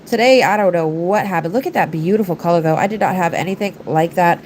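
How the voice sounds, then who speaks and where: A woman's voice: lowish voice, quick pace, a little mellow, a little hiss or hum, low-quality recording. A congested woman, chatting casually to viewers while she livestreams her nail art from her work desk. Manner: chatty, rambling, talks to viewers and her pets. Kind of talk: casual livestream chat while doing nails.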